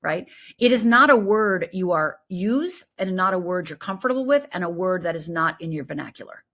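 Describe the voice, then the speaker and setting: A middle-aged woman, a life coach, talking in an animated, emphatic way as an interview guest. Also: fairly low pitch, normal speed. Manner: animated, emphatic, lively storytelling with quoted voices. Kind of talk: conversational interview.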